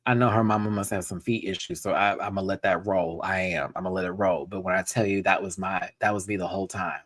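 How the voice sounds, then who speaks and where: A man's voice: sits low, steady tone, fast, fairly bright tone. A man from Texas hosting a casual live review, chatty, giggly and playful. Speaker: host.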